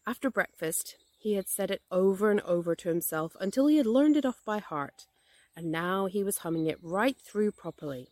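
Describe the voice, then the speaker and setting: A woman podcast host reading a children's story aloud, gentle and expressive. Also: mid-range voice, normal speed, no echo. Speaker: podcast host and English teacher.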